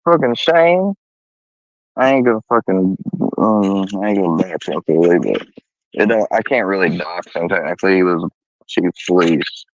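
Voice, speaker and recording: A man with a lowish voice tells a story in casual talk, swearing freely and getting heated. The sound is dull and lo-fi, dry and close. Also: expressive, normal speed, no room sound. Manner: profane, heated, quotes others in a raised voice. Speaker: guest telling a story.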